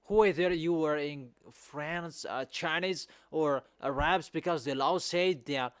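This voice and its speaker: A man preaching a sermon in non-native English, repeating his points with emphasis and rising to loud exhortation. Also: fairly high pitch, slow pace, smooth, dry recording, studio quality.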